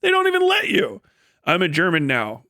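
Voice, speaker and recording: A man from Ohio with a high voice holds forth on a live stream. He swears freely, gets heated and breaks into laughs. The sound is dry and close. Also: huge pitch swings, moderate pace, vocal fry, pushed and bright, no echo. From Ohio, USA. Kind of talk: casual ranting monologue.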